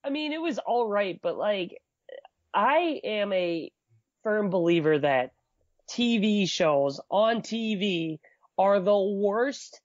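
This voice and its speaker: A man's voice: high voice, expressive, slow, no echo. Male podcast co-host, sarcastic ranter, dead-dry close sound, dull lo-fi audio. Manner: sarcastic, ranting. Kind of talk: casual wrestling review chat.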